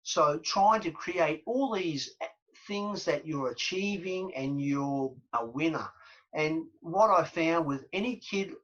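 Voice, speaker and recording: An Australian man in his fifties sits as an interview guest and tells stories of his football past, repeating key words for emphasis. His voice sits somewhat high and sounds husky. The recording is a little dull and muffled. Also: slow. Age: 50s. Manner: animated storyteller, repeats phrases for emphasis. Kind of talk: storytelling interview.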